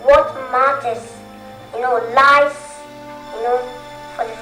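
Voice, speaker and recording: A Ghanaian man playing a boastful film actor being interviewed on TV, speaking in a grand, preachy, halting way. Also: extremely high pitch, fairly even intonation, pushed and bright, heavily acted. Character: boastful male film actor guest on a talk show. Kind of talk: film dialogue. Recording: roomy film audio over music.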